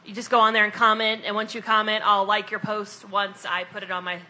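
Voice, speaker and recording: Bright-voiced chatty woman in her thirties. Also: mid-range voice, flat delivery, brisk, slight background noise. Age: 30s. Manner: chatty, tipsy and giggly. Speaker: podcast co-host and event organizer. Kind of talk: casual chat.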